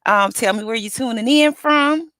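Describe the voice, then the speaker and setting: A woman's voice: on the high side, normal speed, pushed and bright, no room sound. A woman hosting a live motivational stream as an accountability coach, chatty and upbeat, greeting viewers by name and calling out to her audience in casual slang.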